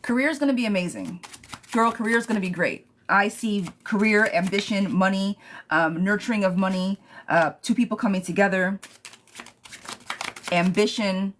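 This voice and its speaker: A woman's voice: medium pitch, moderate pace. Woman, tarot reader, casual live-stream chat, laughs a lot, audible background noise. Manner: chatty, laughs often, reads out viewer questions.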